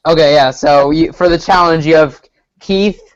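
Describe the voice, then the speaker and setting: A man's voice: fairly high pitch, moderate pace, clear, resonant tone, lo-fi sound. A man co-hosting a casual TV recap chat, earnest and a bit hesitant as he explains. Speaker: podcast co-host.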